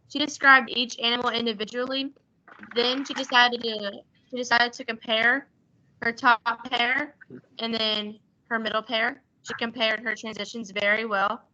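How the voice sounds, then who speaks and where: Fast-talking teen girl presenter. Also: on the high side, bright, forceful tone, a little hiss or hum, rough recording. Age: teens. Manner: fast-talking, chatty, slight stutter. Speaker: youth workshop presenter. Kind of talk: casual online presentation.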